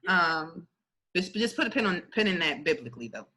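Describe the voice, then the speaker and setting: A young woman gives her faith testimony in a casual interview, talking in a loose, chatty way. Her voice is very bright and forceful, and she breaks into laughter often. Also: lowish voice, fairly quick, husky, rough recording. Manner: lively, chatty, laughs often, many fillers. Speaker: guest sharing her testimony.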